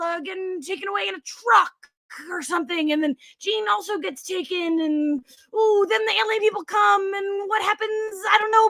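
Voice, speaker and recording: A woman's voice: very high voice, gravelly, sharp tone, no echo, clean studio sound. A woman co-hosting a podcast, giving a breathless, sarcastic, comedic play-by-play recap of a movie. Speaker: podcast co-host.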